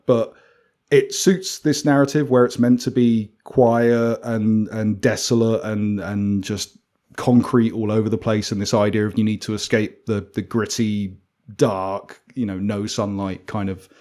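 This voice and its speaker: A man's voice: on the low side, fairly even intonation, a little slow, dark tone. A British man co-hosting a gaming podcast, talking in a loose, rambling way full of restarts and fillers. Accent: British English. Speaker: podcast co-host. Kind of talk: casual chat.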